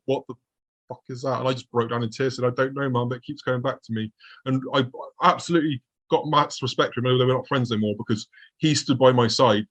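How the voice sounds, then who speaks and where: Husky man telling a story. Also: medium pitch, a bit bright. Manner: earnest, vivid storytelling with sound imitations. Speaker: guest recounting UFO encounters. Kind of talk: personal storytelling.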